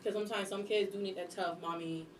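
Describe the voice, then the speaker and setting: A young woman talks fast and bluntly, with lots of energy. She sits back from the microphone in an echoey room. A faint room hum runs underneath. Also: medium pitch, far from the mic. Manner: blunt, animated, acts out scolding voices. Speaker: guest, substitute teacher and airport worker. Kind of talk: casual podcast chat.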